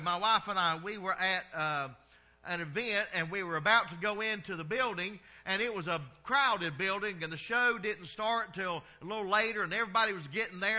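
A man's voice: high-pitched, pushed and bright, dull audio. A middle-aged man with a Southern American accent preaching a sermon in a folksy way, drawing out his vowels and chuckling at his own stories. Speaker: pastor.

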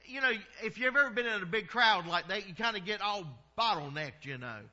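A man's voice: high-pitched, expressive, brisk, pushed and bright, dull audio. A middle-aged man with a Southern American accent preaching a sermon in a folksy way, drawing out his vowels and chuckling at his own stories. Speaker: pastor.

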